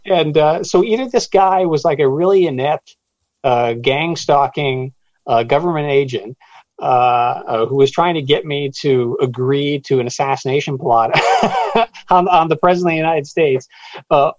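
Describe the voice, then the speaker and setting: A man recounts an odd encounter for an interviewer, stumbling over words and restarting often. His voice sits a little high. The sound is dull and lo-fi, with a dry close feel. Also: dry recording. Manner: halting, many restarts, animated retelling with quoted voices. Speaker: author guest. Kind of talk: storytelling interview.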